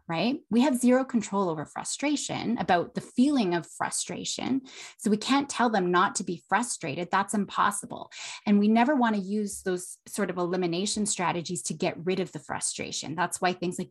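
A woman's voice: medium pitch, brisk, breathy edge. A woman hosting an educational podcast, teaching parents emotion skills and acting out children's lines, often asking "right?". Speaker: podcast host and child therapist.

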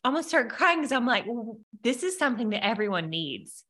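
Bright-voiced woman hosting a podcast. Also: fairly high pitch, big pitch swings, fairly quick. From America. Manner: candid and emotional, with frequent fillers and laughs. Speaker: podcast host. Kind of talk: casual conversational interview.

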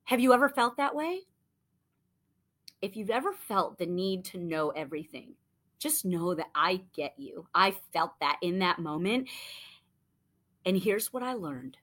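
A woman in her thirties coaching listeners on sales, telling a story in an animated, chatty way full of "like". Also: medium pitch. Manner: animated, chatty, lots of "like" and acted-out quotes. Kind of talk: motivational storytelling talk.

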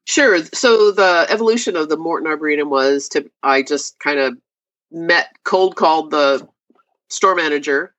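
A woman talks about her craft in a loose, chatty way. She jumps up high in pitch whenever she acts out what people said. The audio is a little dull and lo-fi. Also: normal speed, a bit bright. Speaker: glass artist guest. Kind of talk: casual interview storytelling.

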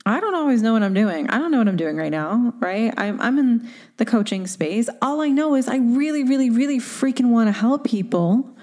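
A woman's voice: a little high, lively intonation, moderate pace, a little mellow. A woman coach talking on her own in a casual, candid way, full of "like" and "right?". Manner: casual, candid, full of fillers and tag questions. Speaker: podcast host and coach. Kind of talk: solo motivational talk.

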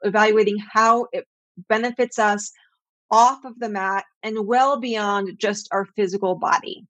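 A woman's voice: mid-range voice, steady tone, a little slow, fairly bright tone, dry recording. A middle-aged woman Pilates teacher giving earnest, explanatory interview answers. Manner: earnest, explanatory, acts out quoted voices.

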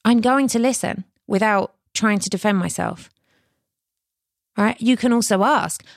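A woman's voice: medium pitch, measured pace, dry recording, studio quality. A woman hosting a podcast, talking on her own in an earnest, conversational way and asking her listeners questions. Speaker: podcast host. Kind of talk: reflective solo podcast talk.

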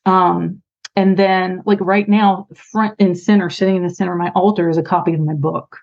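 A low-voiced woman guest speaks over a dull, lo-fi call line. She talks thoughtfully and softly, pausing often to gather her words. She sounds like an author opening up in a relaxed interview. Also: gravelly. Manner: reflective, soft-spoken, frequent ums. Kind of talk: casual interview chat.

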